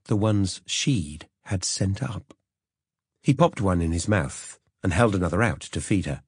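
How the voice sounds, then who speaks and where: Low raspy guy reading a thriller audiobook, measured, dry close mic. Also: lively intonation, dry recording. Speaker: audiobook narrator. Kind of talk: scripted narration.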